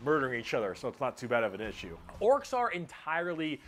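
A man narrating a comedic explainer video in an excitable, jokey manner, swearing freely. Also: medium pitch, quick pace, faint music behind. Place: played from a video inside a reaction stream.

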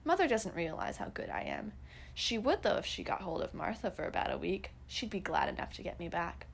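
A teenage girl narrating old diary entries and poems in an earnest, expressive way. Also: fairly low pitch, fairly quick, creaky, breathy edge. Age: teens.

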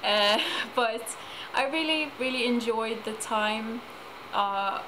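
A woman's voice: fairly high pitch, slow pace. A teenage girl chatting casually in a home vlog, giggling often. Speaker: vlogger. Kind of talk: casual chat. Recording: noisy home video.

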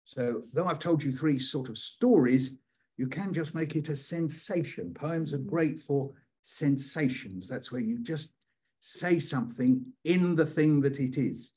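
A man's voice: a little high, lively intonation, a little slow, warm tone, slightly rough. An older British man leading a poetry workshop, telling childhood stories playfully and repeating phrases in rhythm. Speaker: poet leading a writing workshop. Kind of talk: storytelling poetry lesson.

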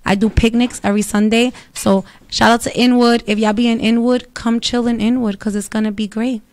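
A woman rants in a casual monologue, swearing freely and getting animated. Her voice sits a little high, and the sound is dry and close to the mic. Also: brisk, dry recording. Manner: profane, animated ranting. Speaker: host.

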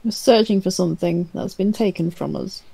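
A woman's voice: medium pitch, fairly even intonation, moderate pace, vocal fry, warm tone, slightly rough, rough recording. A woman playing a tabletop game in character, blunt and matter-of-fact. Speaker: player.

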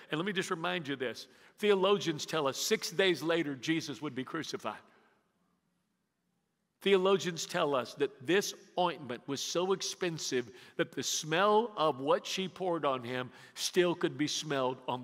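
A man preaching a sermon as pastor, telling the story dramatically, dropping from loud emphasis to hushed near-whispers and drawing the congregation into call-and-response. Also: fairly high pitch, animated, measured pace. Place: church sanctuary. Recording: long reverb of a church hall.

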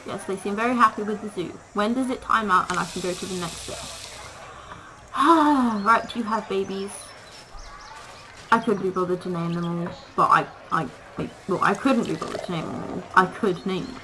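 A woman's voice: mid-range voice, moderate pace, sharp tone. A woman casually commenting on her gameplay, chatting to the animals in the game and laughing often. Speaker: gaming video creator. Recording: noisy home recording.

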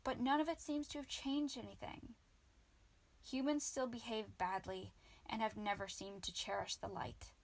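A woman's voice: on the high side, steady tone, moderate pace, close to an everyday voice. A woman voicing a solemn, fussy male rabbit warrior who is the last of his kind, in a storybook reading. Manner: fussy, solemn, egg-obsessed.

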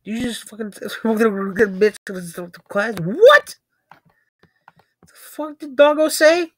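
A woman's voice: a little high, animated, slow, no room sound. A young woman giving casual reaction commentary, swearing a lot and laughing between surprised exclamations. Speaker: reaction video creator.

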